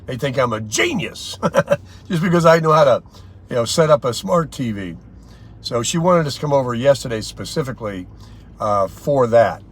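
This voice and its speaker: An older man vlogging from inside a car, telling stories in a rambling, chatty way with lots of pauses and fillers. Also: medium pitch, lively intonation, breathy edge. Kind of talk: casual daily vlog chat.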